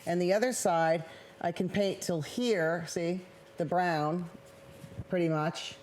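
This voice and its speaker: A woman's voice: fairly low pitch, fairly even intonation, takes it slowly, a little mellow. Woman in her fifties, TV studio, rambling cheerful painting demo, faint room hum. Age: 50s. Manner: rambling, upbeat, talks while painting. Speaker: host of a public access painting show. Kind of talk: chatty live painting demonstration. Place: public access TV studio.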